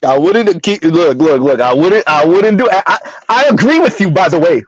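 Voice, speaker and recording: A man with a high, lively voice hosts a casual livestream at a moderate pace, reading chat and talking with viewers. He laughs a lot and trips over repeated words. The recording is dull, lo-fi and dry, with no echo.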